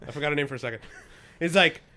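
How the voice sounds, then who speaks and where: A man playing a tabletop game, joking and animated, often restarting his sentences. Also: on the high side, racing, heavy background noise. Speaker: player. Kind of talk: casual tabletop play.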